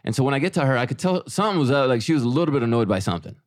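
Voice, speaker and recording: A man's voice: medium pitch, rapid-fire, no room sound. Dry-sounding man telling a story. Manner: animated storyteller, quoting himself and his wife. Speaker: podcast co-host. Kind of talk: casual chat.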